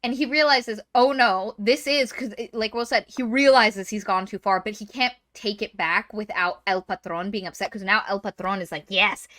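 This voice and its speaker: A woman co-hosting a book podcast, retelling a novel's plot in an animated, chatty way. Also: medium pitch, a little fast, hardly any pauses. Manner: animated retelling, lots of fillers. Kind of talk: casual book discussion.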